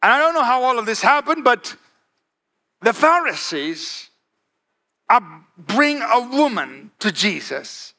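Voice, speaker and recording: A man's voice: very high voice, big pitch swings, takes it slowly, bright, forceful tone. A man preaching a sermon, emphatic, asking the congregation for "Amen?" and varying his pace. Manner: emphatic, calls for "Amen?" and varies pace for effect.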